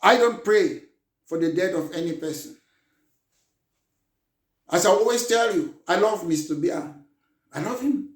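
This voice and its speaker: A man speaks in a notably high voice, giving a fervent, emphatic political address as a party leader. His words bounce around a reverberant room, and he sounds set back from the mic. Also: recorded from a distance. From Cameroon. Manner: impassioned, emphatic, rising to shouts. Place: room in London.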